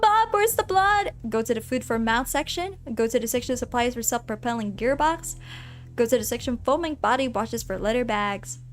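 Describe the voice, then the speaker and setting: A woman streamer reads a game's story aloud in a bright, slightly high voice. She is playful and animated, mixing dramatic narration with quick asides to her chat. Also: faint music behind. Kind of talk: casual let's-play, reading game text aloud.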